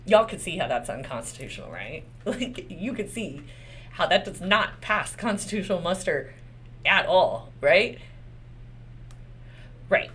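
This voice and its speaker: A woman's voice: lowish voice, expressive, a little slow, long pauses, a bit bright, slightly rough. A woman lawyer with a Texas accent giving casual, candid legal commentary, swearing often and asking rhetorical questions.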